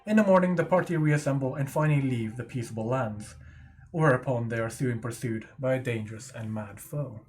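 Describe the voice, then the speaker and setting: A man reading a scripted recap of the last tabletop game session in a steady storytelling manner. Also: mid-range voice, fairly quick. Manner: steady storytelling read with small self-corrections.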